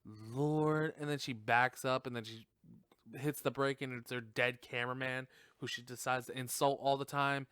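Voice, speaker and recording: A man hosting a podcast recaps a film in a rambling, casual way, laughing often and swearing freely. His mid-range voice is clear, resonant, and fairly bright, with fairly even intonation at a moderate pace. The recording is clean studio sound with no room echo.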